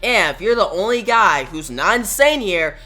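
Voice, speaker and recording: A man's voice: high-pitched, expressive, moderate pace, pushed and bright. Man recapping a comic with sound effects. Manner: enthusiastic retelling with sound effects. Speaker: comic book reviewer.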